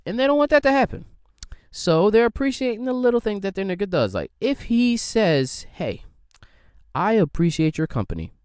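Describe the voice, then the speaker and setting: Man, podcast host, comedic rant, rambling, profane, very lively pitch, smooth voice, dry close sound. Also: no echo.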